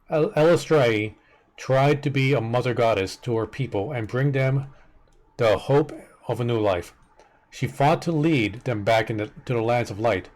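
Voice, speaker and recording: A man's voice: medium pitch, darkish tone. Man reading fantasy lore aloud. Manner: stumbles over fantasy names, exasperated asides. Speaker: streamer. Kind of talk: casual chat, reading a wiki aloud.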